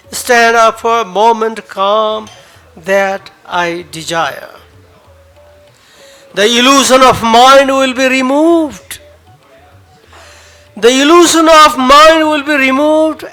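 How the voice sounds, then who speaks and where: At a cafe open mic, a man with a Nepali accent recites spoken word poetry in a high, bright voice. He delivers each line slowly and dramatically, with emotive pauses and repeated phrases for emphasis, while faint music plays behind him.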